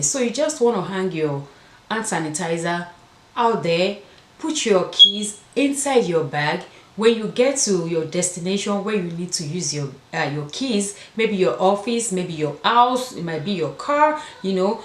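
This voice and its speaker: A woman with an African accent chatting to camera in a casual vlog, her voice sitting a little low. She repeats words for emphasis, and the room gives her voice a noticeable echo. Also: animated, normal speed. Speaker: fashion vlogger.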